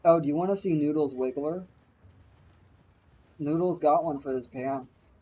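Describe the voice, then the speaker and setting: A young man streams a game live and swears his way through it. His voice sits a little high with a husky edge, and he rants at his chat in a frustrated way. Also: unhurried, dark tone, low-quality recording. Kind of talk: live gaming commentary.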